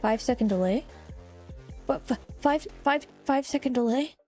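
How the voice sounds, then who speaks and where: A young woman streamer in casual live-stream chat, excitable and chatty, swearing and teasing her viewers. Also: sits high, normal speed, soft background music.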